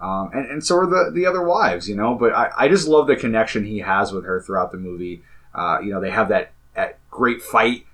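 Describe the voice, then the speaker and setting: Low-voiced earnest man retelling scenes. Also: lively intonation, a little fast, hardly any pauses, fairly bright tone. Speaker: podcast co-host. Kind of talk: casual film discussion podcast.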